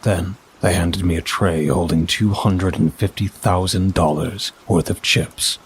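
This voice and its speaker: A man reading a first-person story aloud, measured and steady. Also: deep voice, husky. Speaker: narrator. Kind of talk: scripted story narration.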